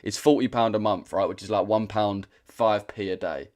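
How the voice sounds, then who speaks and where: A young British man hosts a trading livestream, chatting casually in a blunt, slangy manner and repeating himself. His lowish voice is a little mellow, with fairly even intonation and a normal speed.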